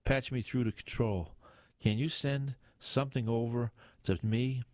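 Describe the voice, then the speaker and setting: A man's voice: mid-range voice, steady tone, a little slow, darkish tone, no echo, lightly acted. A man doing a grumpy, weary police inspector. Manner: grumbling, dry and irritable. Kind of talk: audiobook character voice.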